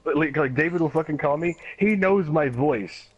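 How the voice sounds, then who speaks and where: A man's voice: fairly high pitch, normal speed, husky, dull audio, faint music behind. Profane man telling laughing anecdotes. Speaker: gaming streamer. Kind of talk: casual storytelling while gaming.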